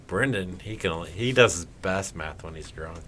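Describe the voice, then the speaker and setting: A man co-hosting a podcast with a very deep voice that has a bright, sharp edge. He chats casually and drops dry, teasing remarks. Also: moderate pace. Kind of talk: casual chat.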